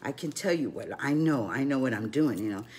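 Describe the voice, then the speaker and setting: A woman's voice: rumbling low, animated, brisk, darkish tone, slightly rough, heavily acted. A woman doing a cheeky five-year-old boy. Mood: eager.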